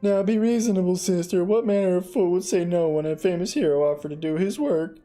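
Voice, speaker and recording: A man voicing a brash young nobleman who teases loudly while reading game dialogue. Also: sits high, a little fast, pitched above the performer's own voice, close to an everyday voice. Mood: mocking. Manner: loud and teasing. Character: brash young nobleman, mocking his sibling. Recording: far from the mic, over game music.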